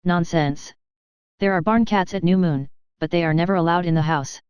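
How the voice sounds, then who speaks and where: Stern proud aunt read by a woman, curt and commanding, smooth low voice. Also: moderate pace, darkish tone, dry recording, dull audio, natural voice. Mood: cold. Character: stern, cold, proud middle-aged aunt.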